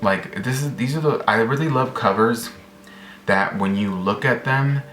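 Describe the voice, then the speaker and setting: A man casually chatting to camera about upcoming books, rambling and excited, full of fillers and restarts. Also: mid-range voice, a little slow. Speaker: book vlogger. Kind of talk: casual book chat to camera. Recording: echoey room, faint background noise.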